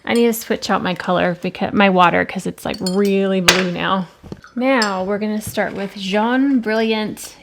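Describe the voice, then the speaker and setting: A woman hosting an art channel, chatting casually and rambling a little as she swatches watercolors at her desk. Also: mid-range voice. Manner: musing, rambling, self-correcting. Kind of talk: casual talk while swatching paints. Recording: faint background noise with clicks.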